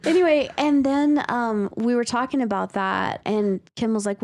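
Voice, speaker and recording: A woman's voice: on the high side, normal speed, creaky, a little hiss or hum. A woman co-hosting a podcast, chatting casually and telling stories with lots of fillers and laughs. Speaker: podcast co-host. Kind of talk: casual chat about a listener's story.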